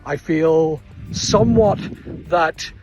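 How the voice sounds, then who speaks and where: A man's voice: on the high side, slow pace, dull audio, faint music behind. Indignant Northern Irish man ranting. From Northern Ireland. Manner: exasperated, indignant, repetitive. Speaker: online seller. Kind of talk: angry rant to camera.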